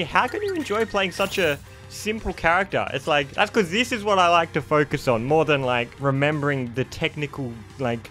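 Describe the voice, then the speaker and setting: A young man giving excitable live commentary while playing a fighting game, reacting loudly to plays. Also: on the high side. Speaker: gaming streamer.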